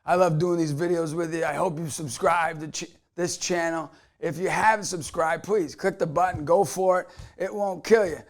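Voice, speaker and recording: Gravelly, energetic motivational speaker man. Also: fairly high pitch, moderate pace, few pauses. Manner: emphatic, energetic, storytelling. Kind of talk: motivational talk to camera.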